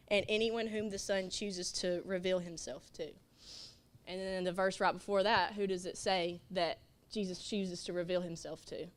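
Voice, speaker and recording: A woman giving an earnest, emotional testimony in a church class, tearful and sniffling into a microphone. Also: medium pitch. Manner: emotional, earnest, halting with little laughs. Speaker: children's ministry volunteer.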